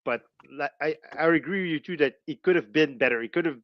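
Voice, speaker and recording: A man's voice: a little high, fast, muffled recording, a little hiss or hum. A man from Canada co-hosting a casual chat, hesitant and stammering with repeated words. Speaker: co-host.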